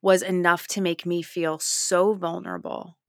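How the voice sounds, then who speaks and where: A middle-aged woman speaks as an interview guest, her voice sitting low. She tells stories with energy and slips into the voices of the people she quotes. The sound is dry and close. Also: unhurried, dry recording. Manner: animated storytelling, acts out quotes. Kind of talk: casual interview chat.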